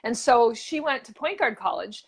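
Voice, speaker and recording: A woman's voice: on the high side, lively intonation, moderate pace, vocal fry, slightly rough. A woman co-hosting a motivational show, telling stories in a chatty way with lots of fillers and restarts. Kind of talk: casual motivational chat.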